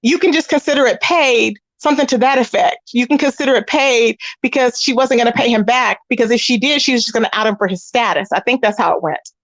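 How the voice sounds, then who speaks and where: A woman hosting a casual commentary channel, animated and sassy, talking straight to her listeners about online drama. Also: on the high side, fast talker, few pauses, no echo. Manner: animated and sassy, calls listeners y'all and baby.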